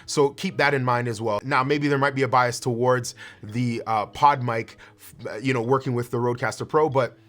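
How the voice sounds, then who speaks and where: A man's voice: mid-range voice, normal speed, soft background music. A young man from Canada talking casually into a close studio mic, reviewing microphones with a hyped-up show intro. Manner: energetic, hyped show intro with rising shouts. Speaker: YouTube creator testing microphones. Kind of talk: casual gear review to camera.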